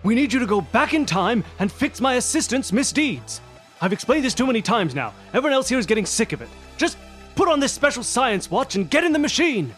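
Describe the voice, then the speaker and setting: A man's voice: extremely high pitch, big pitch swings, brisk, fairly bright tone, soft background music, heavily acted. A man voicing an eccentric male scientist who explains things impatiently and in a hurry. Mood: exasperated.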